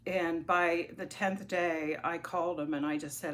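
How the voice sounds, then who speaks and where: A woman's voice: on the low side, expressive, normal speed, hardly any pauses, a bit bright, slight background noise. A middle-aged woman telling a personal story on her crafting vlog, chatty and rambling with frequent ums and restarts. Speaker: crafting vlogger.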